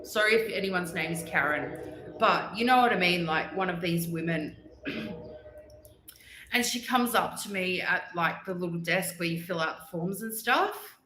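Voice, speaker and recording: A woman's voice: on the low side, normal speed, a little hiss or hum. Outspoken Australian woman in a roomy echo. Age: 40s. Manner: animated storyteller, blunt and outspoken. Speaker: livestream host. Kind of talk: casual chat with viewers.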